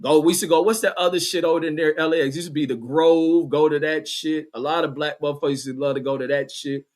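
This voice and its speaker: A man with a somewhat high voice rants through a long story on his vlog, blunt and profane. He rambles from one point to the next and stops now and then to read chat aloud. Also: fairly even intonation, quick pace. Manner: rambling, blunt, heavy swearing. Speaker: vlogger host reading chat. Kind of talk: casual profane storytelling rant.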